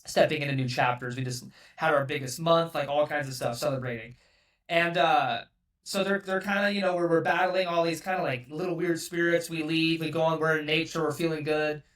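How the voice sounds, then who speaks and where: A man's voice: on the high side, steady tone, fairly quick, fairly bright tone, distant mic. A man from California telling a story as a podcast guest, loose and rambling, swearing often and filling every gap with "like". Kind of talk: casual storytelling.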